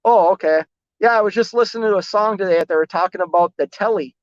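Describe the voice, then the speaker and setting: A man's voice: high voice, quick pace, dry recording. A man who drives trucks, chatting casually on a live stream and reading out viewer comments in a rambling, self-deprecating way. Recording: dull lo-fi, dry close sound.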